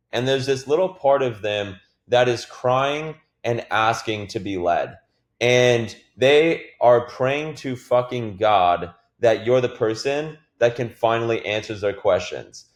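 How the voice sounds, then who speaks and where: A man giving a casual, energetic sales training talk, swearing now and then and filling his speech with "like.". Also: medium pitch, reverberant.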